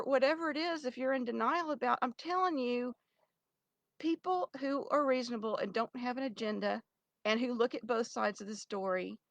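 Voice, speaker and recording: A middle-aged woman with a fairly high voice pours out a long, rambling plea, circling back with fillers and false starts. She sounds close to tears. The recording is dry and close. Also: creaky, fairly bright tone, no echo, low-quality recording. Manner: rambling, pleading, many restarts and fillers. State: near tears. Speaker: vlogger addressing her ex. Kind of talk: emotional direct-to-camera monologue.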